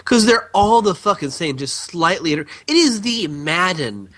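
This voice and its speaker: A man's voice: sits high, sing-song, normal speed, fairly bright tone. A man co-hosting a podcast, chatting casually about games in a teasing, sweary way. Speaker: podcast co-host. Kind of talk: casual chat.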